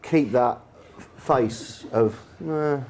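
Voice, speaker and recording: Man, English, mellow low voice; anecdotal guest speaker at a bar event. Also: steady tone, fairly quick, a little hiss or hum. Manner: chatty, anecdotal, with frequent fillers. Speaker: football manager and guest speaker. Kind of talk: storytelling in an on-stage conversation. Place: bar event room with an audience.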